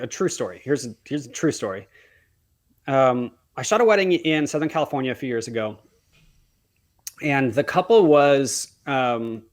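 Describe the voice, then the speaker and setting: Man, podcast guest, earnest storyteller, quotes dialogue, mid-range voice. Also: mid-range voice. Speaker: wedding photographer, podcast guest.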